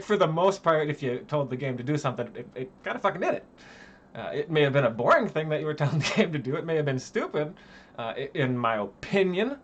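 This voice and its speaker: A young man ranting angrily about a video game, swearing constantly and turning sarcastic, one moment raising his voice and the next muttering. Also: fairly high pitch. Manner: angry, swearing, sarcastic, swinging between shouting and muttering. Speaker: gaming channel host. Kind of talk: profane ranting commentary.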